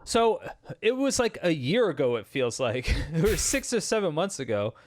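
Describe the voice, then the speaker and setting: A man's voice: fairly high pitch, moderate pace, no room sound. Male host, casual streamer chat, laughs a lot, dry close mic. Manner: laughs often, swears, animated storytelling.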